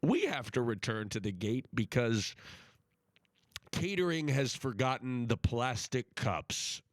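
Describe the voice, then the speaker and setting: A man voicing a male airline captain who is making a flat cabin announcement over the intercom. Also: medium pitch, slow, no room sound, pitched below the performer's own voice. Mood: announcing.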